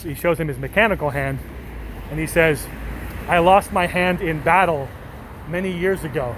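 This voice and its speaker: A man's voice: high voice, fairly bright tone. Chatty man talking over faint traffic. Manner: chatty, rambling, self-deprecating, swears casually. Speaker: streamer reading chat. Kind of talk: casual chat with viewers.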